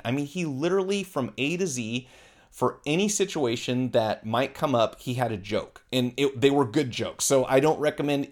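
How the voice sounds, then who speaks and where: Shop owner, man, relaxed conversational teaching tone, quotes customers in passing. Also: mid-range voice. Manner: conversational, acts out customer dialogue with fillers. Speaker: phone repair shop owner. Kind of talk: casual instructional talk.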